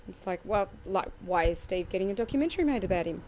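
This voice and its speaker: A woman's voice: mid-range voice, lively intonation, quick pace, darkish tone, slight background noise. An Australian woman telling amused family anecdotes in a documentary interview. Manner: chatty, amused storyteller.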